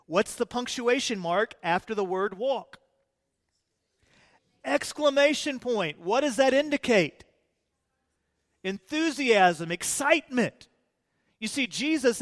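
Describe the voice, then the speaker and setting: A male pastor preaching a sermon in a church, animated, swinging between loud emphasis and quiet low lines. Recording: long hall reverb.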